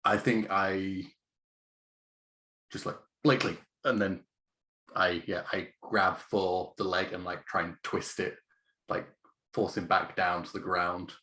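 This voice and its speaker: A man playing in a tabletop role-playing game, thinking out loud hesitantly about his move. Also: sits low, flat delivery, slow, long pauses. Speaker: player. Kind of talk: casual chat.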